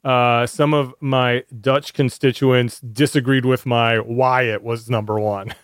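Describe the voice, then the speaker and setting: A man co-hosting a relaxed podcast discussion. His voice sits at a middle pitch and sounds dry and close to the mic, and he talks haltingly with frequent stammered restarts. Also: clean tone, dry recording. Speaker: podcast co-host. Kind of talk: casual chat.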